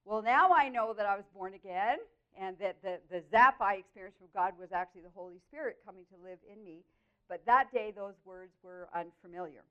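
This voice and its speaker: A woman sharing her personal Christian testimony, telling the story in an earnest, expressive way with lively swings in her voice. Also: mid-range voice, fairly quick, smooth. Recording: dull, lo-fi audio.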